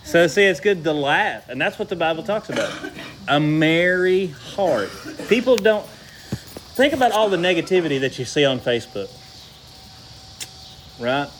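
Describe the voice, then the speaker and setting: A man's voice: fairly high pitch, slight background noise, low-quality recording. A man preaching a sermon in a folksy, conversational way, asking the congregation questions. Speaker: pastor.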